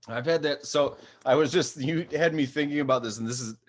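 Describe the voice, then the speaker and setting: A man hosting a casual chat, thoughtful and pausing to find his words. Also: a little high.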